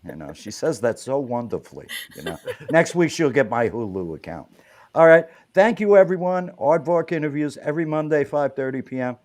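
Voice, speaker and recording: Lively playful male talk-show host. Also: mid-range voice, fairly quick. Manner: playful, loose, rambling. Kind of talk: casual chat.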